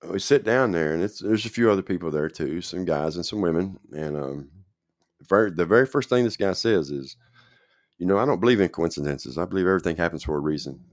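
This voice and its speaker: A man's voice: very deep voice, no room sound, studio quality. A man telling his own recovery story in a casual, rambling way, often checking in with the listener.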